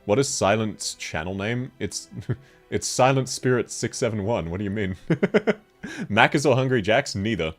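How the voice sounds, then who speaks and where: A man's voice: on the low side, normal speed, soft background music. A man with an Australian accent, chatting casually on a game stream, laughing often as he answers chat.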